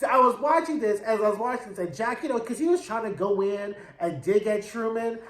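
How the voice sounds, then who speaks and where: Man, high voice, sassy slangy recap chatter, animated, roomy echo. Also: a little fast. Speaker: TV episode reviewer. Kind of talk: casual recap commentary.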